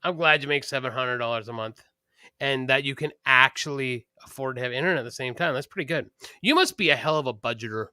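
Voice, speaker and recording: Co-host, Canadian man, forceful bright voice, swears freely while ranting, dry close mic. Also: mid-range voice, fast talker, dry recording. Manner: blunt, profane, ranting. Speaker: podcast co-host. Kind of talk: casual podcast chat.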